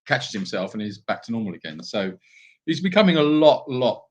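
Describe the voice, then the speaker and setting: Lively man chatting casually. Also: mid-range voice, a little fast. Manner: animated, rambling storytelling. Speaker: sanctuary co-host. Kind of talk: casual live-stream chat.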